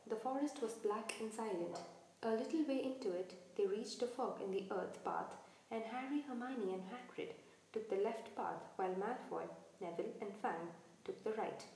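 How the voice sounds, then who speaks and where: A woman reading a storybook aloud in calm, measured narration. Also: medium pitch, a little hiss or hum. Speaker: audiobook reader. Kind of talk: scripted narration. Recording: very echoey room.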